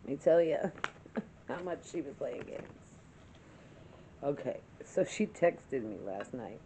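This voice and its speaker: A woman vlogger telling a story in a casual chat-with-me video, chatty and animated, laughing through it and swearing now and then. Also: sits low, slow, a little hiss or hum.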